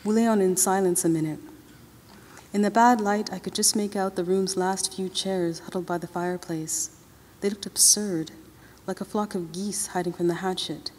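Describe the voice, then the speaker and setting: A woman author, speaking at a moderate pace with a steady, darkish, medium-pitched voice, reads her novel in a loose, colloquial first-person drawl at an awards ceremony. The podium mic in the large, long-reverb hall captures a little hiss or hum.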